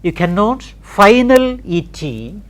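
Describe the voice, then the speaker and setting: Slow, deliberate woman teaching pronunciation. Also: mid-range voice, sing-song. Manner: spells words letter by letter, then repeats them deliberately. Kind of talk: slow recorded classroom lesson.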